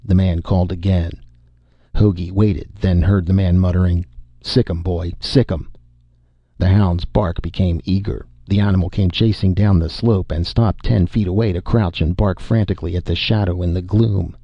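A man narrating a short story in a measured, somber way. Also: deep voice, fairly even intonation, no echo. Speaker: audiobook narrator. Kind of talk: scripted narration. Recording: dull lo-fi audio.

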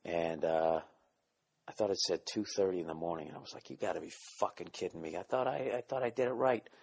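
A man hosting his podcast, rambling comedically with lots of swearing and self-mockery, keeping his voice down at times. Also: brisk. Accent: Boston. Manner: profane, self-mocking, jumps into silly voices; keeping voice down, quiet and low at times. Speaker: podcast host.

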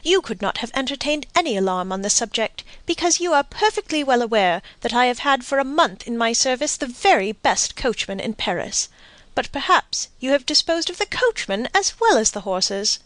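A woman's voice: on the high side, expressive, moderate pace, fairly bright tone, dry recording, pitched above the performer's own voice. Woman reading as a scornful haughty baroness. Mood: indignant. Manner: indignant, haughty. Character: proud scornful wealthy baroness.

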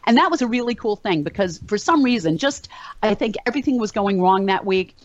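A woman talking casually to a group as a motivational speaker, telling animated stories with plenty of fillers. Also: mid-range voice, fairly quick. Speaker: motivational speaker and meetup organizer. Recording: dull, dry lo-fi sound.

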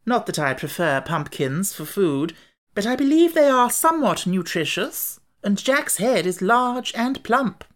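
A woman's voice: medium pitch, big pitch swings, measured pace, voice pushed up. A woman voicing a pompous, learned male insect who speaks in a self-important, dramatic way in an audiobook reading. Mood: musing.

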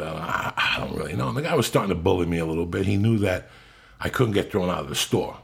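A low, gravelly man spins a profane story in loose, blunt podcast talk. His voice is rough and raspy, sitting deep in his chest. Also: animated, quick pace. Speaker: podcast host. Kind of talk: casual storytelling chat.

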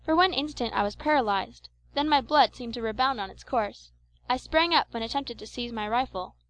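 A woman reads an old adventure novel aloud in a measured, expressive way. Her voice sits a touch high, and she keeps a steady storytelling rhythm. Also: rough recording. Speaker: audiobook narrator. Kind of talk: scripted audiobook narration of an adventure novel.

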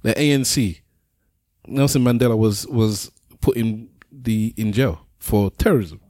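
A middle-aged man co-hosting a casual podcast chat, talking in halting bursts and repeating words as he starts a point. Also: lowish voice, a little mellow, no room sound, clean studio sound. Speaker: podcast co-host.

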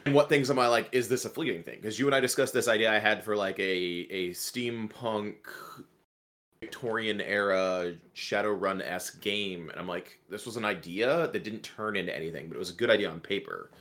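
A man guesting on a podcast in casual chat, animated and joking, jumping in with quick asides. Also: on the low side.

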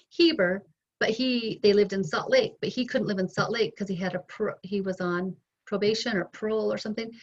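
A middle-aged woman telling her story as an interview guest, candid and animated, acting out both sides of past conversations. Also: medium pitch. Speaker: interview guest, bereaved mother. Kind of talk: emotional personal storytelling. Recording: dull lo-fi sound.

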